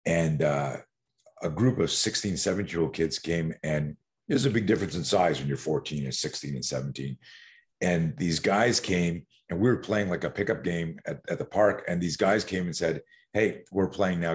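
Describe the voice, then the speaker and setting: Deep-voiced man telling rambling stories. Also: normal speed. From Canada. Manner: rambling, profane, many restarts and fillers. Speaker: guest, coach on fear. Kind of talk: casual interview storytelling.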